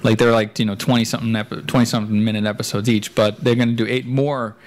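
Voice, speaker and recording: A man co-hosts a casual podcast, offering rambling reviews with jokey asides. His voice is fairly low and flat, his pace quick, and he's recorded in an echoey room at home.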